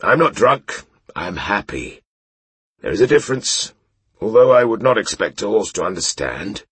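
A man's voice: lowish voice, big pitch swings, normal speed, fairly bright tone, breathy edge, no room sound, pitched above the performer's own voice, heavily acted. A man voicing a drunken, disgraced knight who talks with a wistful slur. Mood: tipsy. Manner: slurred, wistful. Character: drunken disgraced middle-aged knight, maudlin, slurring.

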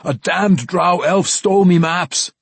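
A gruff old dwarf, hot-tempered and frantic, bellowing at high pitch and full volume, as an audiobook narrator puts him on. The voice is husky and close, with a dry sound. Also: male voice, a little slow, dry recording, exaggerated voice. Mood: frantic yelling. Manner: yelling hoarsely in alarm.

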